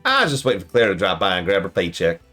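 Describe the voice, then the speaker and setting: Dude voicing a folksy diner lady, chatty, lots of pitch bounce, low voice. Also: huge pitch swings, fast talker, bright, forceful tone, faint music behind, exaggerated voice. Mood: friendly. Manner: chatty, folksy, with country slang. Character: folksy, friendly woman diner owner. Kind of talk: reading game dialogue aloud on stream.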